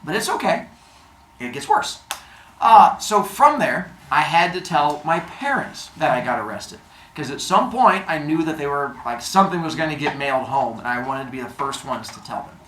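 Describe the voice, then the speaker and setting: Lively man telling a story, roomy sound. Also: a little high, moderate pace. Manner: animated, acts out the other people's lines. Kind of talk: casual storytelling. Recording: roomy echo, faint noise.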